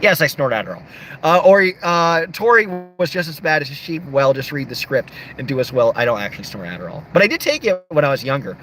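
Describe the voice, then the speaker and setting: A man's voice: fairly high pitch, sing-song, fairly quick, sharp tone, a little hiss or hum. A young man livestreaming late at night, reading chat comments aloud and joking around. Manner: joking, playful, reads comments aloud in shifting voices.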